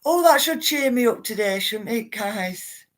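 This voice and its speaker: Pitched on the high side, this woman's animated voice keeps a measured pace. She runs a casual livestream where she chats in a rambling way, reads her viewers' comments aloud, and calls them "guys" and "love."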